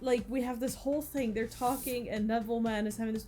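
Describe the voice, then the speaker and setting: A woman co-hosting a casual anime podcast, giggling, swearing and reacting quickly. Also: fairly high pitch, steady tone, mellow, faint music behind. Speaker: podcast co-host.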